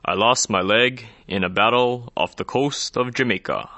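A gruff, matter-of-fact male pirate in a spoken joke, played by a man in close to his own voice. The tone is bright and the sound is dry. He answers flatly, with no fuss. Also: medium pitch, moderate pace, no room sound.

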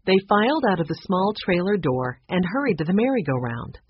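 A storybook narrator reading a children's chapter book aloud, with lively, animated pitch. The voice is husky and breathy. The recording sounds muffled and lo-fi. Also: a little fast, no room sound. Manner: expressive, even narration. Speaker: audiobook reader.

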